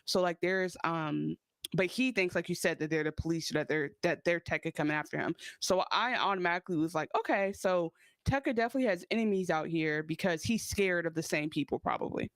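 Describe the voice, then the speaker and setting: A woman's voice: on the low side, brisk, no room sound. A woman co-hosting a casual TV recap podcast, chatting and acting out characters' lines. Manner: animated, acts out characters' lines. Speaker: podcast co-host.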